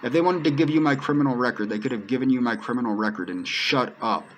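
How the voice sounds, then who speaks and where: A man's voice: mid-range voice, fast talker, slight background noise, rough recording. A man giving an earnest personal monologue to camera, pleading and repeating himself as he addresses one person directly. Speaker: video creator.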